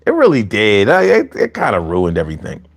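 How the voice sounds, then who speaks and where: A man hosting a casual live chat, animated and profane, laughing often as he talks. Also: on the low side, fairly quick, gravelly. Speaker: livestream host reading chat.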